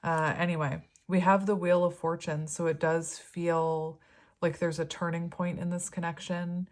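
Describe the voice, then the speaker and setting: Low-voiced woman giving a tarot reading. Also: level tone, moderate pace. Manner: gentle, rambling, with frequent fillers and soft laughs. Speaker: tarot reader. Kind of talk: pick-a-card tarot reading, reading card meanings aloud.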